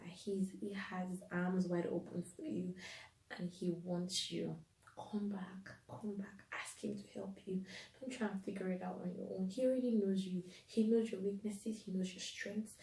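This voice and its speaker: A woman delivers an inspirational faith talk, earnest and pleading, circling back to repeat her key phrases. Her tone is mellow and soft-edged. She sounds set back from the mic in a room with noticeable echo. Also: mid-range voice, far from the mic. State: tearful at times. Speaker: podcast host.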